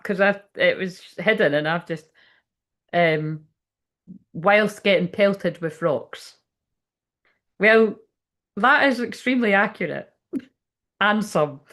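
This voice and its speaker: A woman's voice: mid-range voice, animated, slow, long pauses, fairly bright tone. Sweary, blunt Scottish woman. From Scotland. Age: adult, ten years online. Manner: blunt, sweary and chatty, with lots of fillers. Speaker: spiritual reader on a livestream. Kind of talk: casual live tarot reading.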